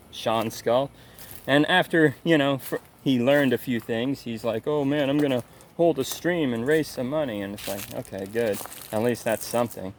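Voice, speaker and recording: A man in a loose, heated rant, swearing freely and mocking as he goes. His voice sits at an ordinary middle pitch, and a faint hum of noise runs underneath. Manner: angry, profane, mocking. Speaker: commentator. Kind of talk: casual rant.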